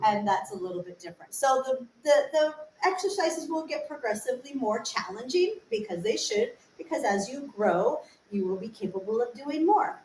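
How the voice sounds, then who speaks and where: A woman's voice: high voice, very animated, normal speed, hardly any pauses, darkish tone, slight background noise. A woman voice teacher giving an informal livestream lesson, explaining patiently, asking rhetorical questions and demonstrating sung syllables. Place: room, solo livestream. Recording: echoey room, faint ambience.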